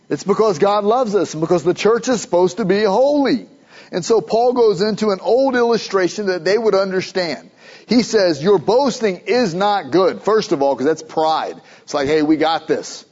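High-voiced man preaching a sermon. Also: lively intonation, normal speed, a little mellow, dull audio. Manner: emphatic preaching, rising to urgent questions. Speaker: pastor.

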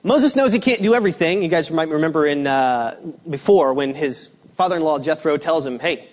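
High-voiced man preaching, lo-fi sound. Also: a little fast. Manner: relaxed, conversational, with fillers and restarts. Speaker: guest preacher. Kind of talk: sermon with a joke opener.

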